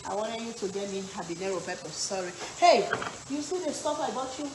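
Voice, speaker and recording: An African woman is hosting a live cooking stream from her home kitchen, chatting and reading out viewer comments as she cooks. Her mid-range voice is animated and a little fast. The echoey room carries background noise, with frying sizzle and stirring sounds throughout.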